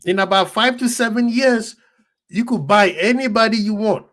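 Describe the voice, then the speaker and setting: A young man hosts a casual football fan live stream. He talks to his chat in an excitable, laughing way. His voice sits a little on the high side. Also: normal speed.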